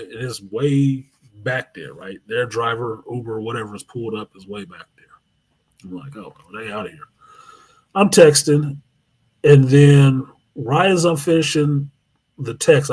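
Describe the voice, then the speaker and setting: A man hosting a live show, telling a long, profane story in an animated way. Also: medium pitch, slightly rough. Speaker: host.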